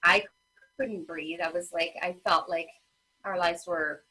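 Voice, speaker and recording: A woman's voice: on the low side, fairly even intonation, a little slow, bright, forceful tone, slightly rough, poor audio. A woman in her thirties, a parent advocate, telling a personal family story in a casual interview, full of fillers and acted-out quotes. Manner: emotional storytelling with many fillers. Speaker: guest, parent advocate and children's author.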